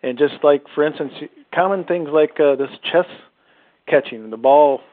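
A man's voice: a little high, moderate pace, dry recording. A male caller leaving an enthusiastic message on a show's call-in line, talking with many fillers. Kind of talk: call-in voicemail. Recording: tinny phone line.

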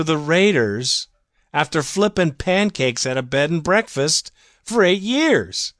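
A man talks at an unhurried pace in a dry, close recording. His sports fan monologue is heated and opinionated. It swings between measured grumbling and loud outbursts. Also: on the high side, no echo. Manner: heated, ranting, swings from calm to shouting.

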